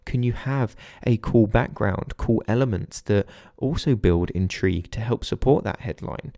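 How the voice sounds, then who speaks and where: A man hosting a solo podcast, speaking in an earnest, instructive way with a steady delivery. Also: on the low side, moderate pace, creaky, no echo, clean studio sound. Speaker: podcast host.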